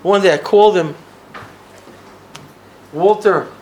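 An older man from the United States telling a personal story, swinging between loud bursts and hushed asides. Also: fairly high pitch, a little slow, a little hiss or hum.

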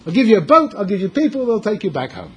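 A man's voice: sits high, sing-song, fast talker, fairly bright tone, husky, exaggerated voice. A man voicing a generous male community leader who offers help, in a told story. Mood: reassuring.

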